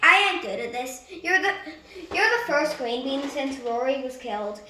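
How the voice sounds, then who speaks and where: A gruff, impatient teenage boy leader, played by a woman reading a storybook aloud, rough and slangy, barking orders in a high, bright voice. The echo of the room hangs around every line. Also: moderate pace, distant mic, slight background noise.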